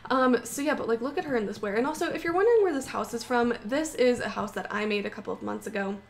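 A young woman giving excitable, panicky gameplay commentary, full of gasps and exclamations. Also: fairly high pitch, fast talker, gravelly. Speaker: gaming YouTuber.

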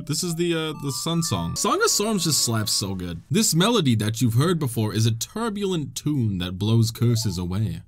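Man, gameplay commentary, excitable, joking, laughs a lot, lively pitch, faint music behind. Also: moderate pace, few pauses. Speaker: gamer.

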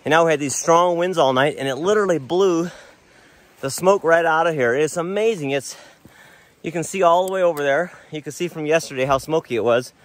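A middle-aged American father, vlogging his family's hike, talks briskly in a somewhat high voice as he heads up a mountain trail. Slightly breathless, he rambles easily about the ascent and takes in the nature around him.

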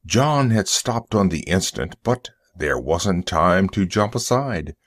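A man reading a story aloud for English learners, in a measured storytelling manner. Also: low voice, big pitch swings, no echo, studio quality. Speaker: narrator.

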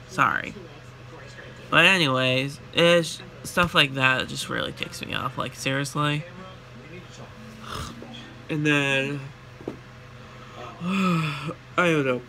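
A tired young man telling a chatty, animated story about his workday in a casual vlog. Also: fairly high pitch, gravelly. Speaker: vlogger and retail worker.

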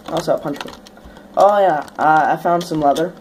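A woman's voice: low voice, a little fast, darkish tone, a little hiss or hum. A young woman hosting a gameplay video, chatting casually as she plays, swearing now and then and bursting into sudden shrieks when startled. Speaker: let's play host.

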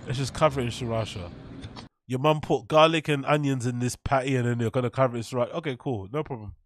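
A man's voice: medium pitch, fast talker, no room sound. A man reacting to a cooking video in casual, mocking commentary, sarcastic and profane and laughing at his own jokes.

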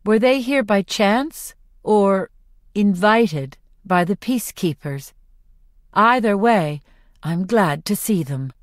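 A woman narrating a first-person novel in clear, expressive storytelling. Her pitch rises and falls with the story. The recording is close and dry. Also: slow pace, no room sound. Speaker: audiobook narrator.

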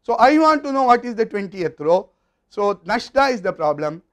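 A man's voice: sits high, big pitch swings, moderate pace, fairly bright tone. A man with an Indian English accent giving a university lecture, explaining step by step in a methodical way.

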